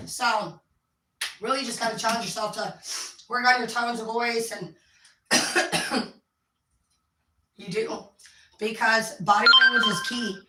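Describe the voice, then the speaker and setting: A woman's voice: fairly high pitch, steady tone, normal speed, long pauses, sharp tone, recorded from a distance. Profane, candid woman in an echoey room. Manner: candid and profane, acts out quoted voices. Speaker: speaker giving life advice. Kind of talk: casual monologue.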